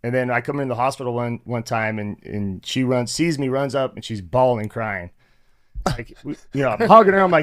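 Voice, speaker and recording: A man guest in a casual interview, telling behind-the-scenes stories in an animated way and acting out what people said with laughs. His voice is dry and close, with nothing of the room around it. He talks at an easygoing, conversational pace. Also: mid-range voice, fairly quick, no echo. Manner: animated, acts out quotes with laughs. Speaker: guest, former fighter turned actor.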